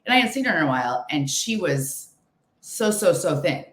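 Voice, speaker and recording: A middle-aged woman co-hosting a podcast in casual chat, calm and measured with halting restarts. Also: low-pitched. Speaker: podcast co-host. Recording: echoey room.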